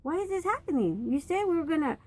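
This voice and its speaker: Grandmother putting on an upset man crying out to God, high and fretful, full of exasperated questions. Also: big pitch swings, fast talker, darkish tone. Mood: pleading. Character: distraught male leader pleading with God.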